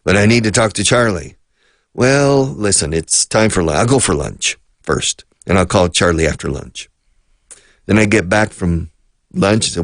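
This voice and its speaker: A man's voice: sits low, lively intonation, moderate pace, no room sound. A man hosting a radio English lesson, explaining phrases through rambling anecdotes at a close mic. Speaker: radio host and English teacher.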